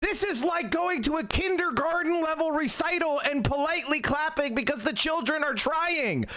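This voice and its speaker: A man ranting angrily in political commentary, profane, dropping to a mutter and then shouting. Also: very high-pitched, moderate pace, hardly any pauses.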